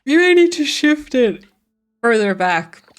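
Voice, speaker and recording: A woman with a high voice speaks a little slowly, her pitch swinging widely. She's casually streaming a farming game, chatting with viewers and reading and answering chat while she plays.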